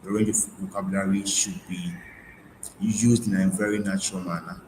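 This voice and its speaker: A man with a fairly low voice gives a webinar lesson. He restates each point and often stops to restart with fillers. The room sounds roomy, with a faint hiss behind him. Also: steady tone, moderate pace. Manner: repeats key points, frequent fillers and restarts. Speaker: IELTS tutor. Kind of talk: webinar lecture.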